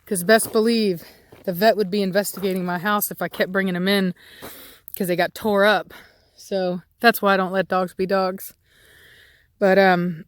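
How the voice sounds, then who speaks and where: Chatty woman vlogging outdoors with dogs. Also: medium pitch. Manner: chatty, calls out sharp commands to her dogs. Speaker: dog breeder. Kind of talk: casual vlog talk outdoors with dogs. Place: outdoors on rural property.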